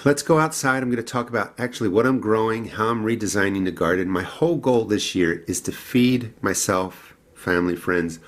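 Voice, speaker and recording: Middle-aged jersey accent guy, lowish voice, rambling gardening vlog, walking around outside in the cold. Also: fairly quick, few pauses, a bit bright. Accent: New Jersey. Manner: chatty, rambling, laughs at himself. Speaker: gardening channel host. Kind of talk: casual walk-and-talk gardening vlog. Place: indoor grow room then outdoors in cold garden.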